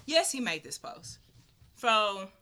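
A woman's voice: mid-range voice, big pitch swings, takes it slowly, sharp tone. A woman co-hosting a podcast, making blunt, pointed arguments. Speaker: podcast co-host. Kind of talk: casual podcast chat.

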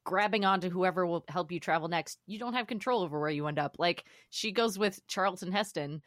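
Woman podcast co-host, lively movie chat, acts out quotes, dry recording. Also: fairly low pitch, fairly quick, no echo. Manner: animated, acts out quotes, laughs often. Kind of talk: casual film discussion.

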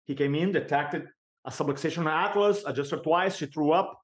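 Animated man telling a story. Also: on the high side. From Brazil. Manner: animated, emphatic storyteller with vivid pauses. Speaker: podcast guest. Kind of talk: personal storytelling.

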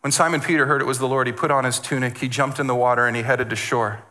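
Bright-voiced man preaching a sermon. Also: mid-range voice, fast. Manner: animated, repeats words, acts out quoted voices. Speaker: guest speaker preaching.

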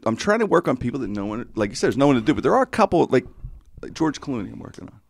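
A man, a comedian guest, chatting casually and cutting in quickly with jokes. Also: medium pitch, very animated, creaky.

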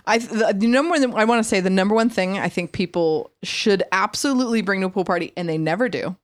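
A woman's voice: mid-range voice, fast talker. A middle-aged woman co-hosting a podcast, talking frankly and chattily, often quoting her own thoughts. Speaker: podcast co-host. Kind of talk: casual podcast chat.

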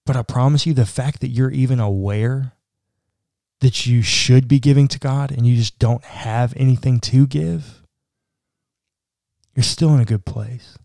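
Male pastor, podcast host; warm, unhurried tone, conversational and sincere. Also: medium pitch, creaky, no echo, clean studio sound. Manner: earnest, conversational, says "like" often. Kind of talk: podcast discussion.

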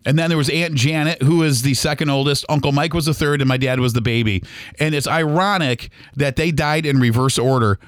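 A man's voice: a little high, a little fast, no echo, clean studio sound. A middle-aged man hosting a podcast, talking in a casual personal monologue that rambles with many restarts. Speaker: podcast host.

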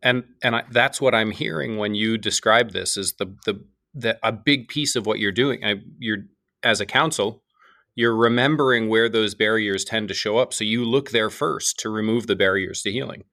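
A man's voice: on the low side, normal speed, creaky, pushed and bright. A man hosting a podcast interview, who talks thoughtfully and rephrases as he goes. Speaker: podcast host. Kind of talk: interview conversation.

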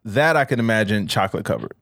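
A man co-hosting a casual podcast, relaxed and riffing with casual swearing. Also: lowish voice, fast talker, dry recording, studio quality. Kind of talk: casual chat.

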